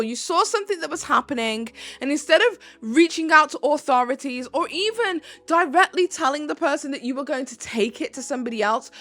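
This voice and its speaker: A woman's voice: high voice, expressive, sharp tone, dry recording. Heated British woman ranting. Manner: heated, swearing, emphatic with slow stressed phrases. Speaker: commentary YouTuber. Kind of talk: commentary rant.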